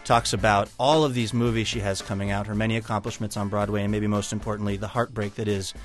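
Radio co-host, man, low voice, brisk teasing previews. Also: level tone, soft background music.

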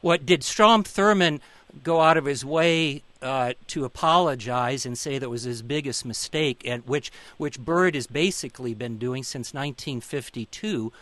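Political science prof guest, earnest storyteller, dry close mic, mid voice. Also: male voice, medium pitch, normal speed, bright, forceful tone, no echo. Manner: earnest, anecdotal, repeats words. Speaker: guest professor. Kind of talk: radio call-in discussion.

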